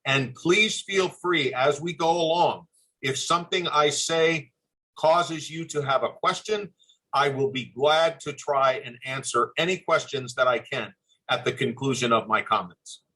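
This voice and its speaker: An older man giving a formal webinar presentation over a video call, speaking in an earnest, measured and courteous way. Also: on the high side, sharp tone, slightly rough, rough recording. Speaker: webinar presenter, former admissions dean.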